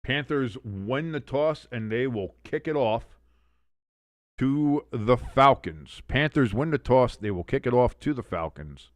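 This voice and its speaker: A man's voice: medium pitch, animated, a little slow, no echo. A man hosting a casual live sports watch-along, chatty, with sarcastic, mocking asides.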